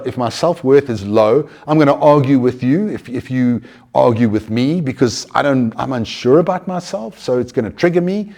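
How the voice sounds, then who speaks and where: Man, mid-range voice, earnest and animated, frequent restarts, conversational speaker. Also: mid-range voice, creaky. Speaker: mindfulness speaker. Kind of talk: conversational talk.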